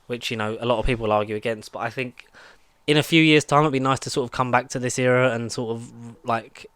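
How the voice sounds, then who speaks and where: A man's voice: medium pitch, fairly even intonation, fast, fairly bright tone, clean tone, dry recording. A man co-hosting a podcast, chatting casually and rambling with many fillers and restarts. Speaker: podcast co-host. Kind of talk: casual chat.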